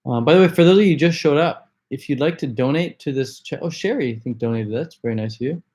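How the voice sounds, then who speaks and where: Mellow-voiced laid-back livestream guy. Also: mid-range voice, quick pace. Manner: laid-back slangy, enthusiastic. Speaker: livestream host. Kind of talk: casual livestream Q&A.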